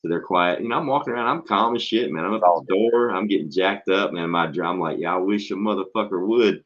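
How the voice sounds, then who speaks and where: This is a blunt man with a low, deep voice who swears freely and tells stories with animated energy. He is a schoolteacher chatting on a casual show. The recording sounds dull and lo-fi. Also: quick pace. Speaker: podcast host and school teacher. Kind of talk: casual profane chat.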